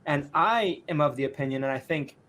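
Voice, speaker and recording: A man's voice: fairly high pitch, brisk, fairly bright tone, a little hiss or hum. A man hosting a live podcast over a video call, rambling as he sets up questions, with many fillers. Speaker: podcast host.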